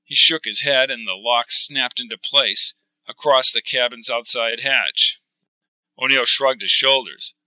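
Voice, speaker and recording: Bright, dry male sci-fi reader. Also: medium pitch, unhurried, no room sound, rough recording. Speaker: narrator. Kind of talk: reading a sci-fi novel aloud.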